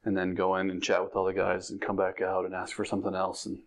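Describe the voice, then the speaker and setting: Low-voiced, candid driver telling a story. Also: male voice, completely flat delivery, fast talker. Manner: candid, storytelling, self-aware. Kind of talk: casual interview chat.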